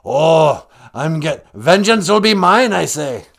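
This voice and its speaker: A man's voice: medium pitch, big pitch swings, moderate pace. A man voicing an all-knowing male deity in an improvised comic skit, with a lilting put-on brogue and grandly solemn, folksy sermonizing. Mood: playful. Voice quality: lilting put-on brogue, calls her "me daughter". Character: Great Spirit, an all-knowing male deity, gently preachy.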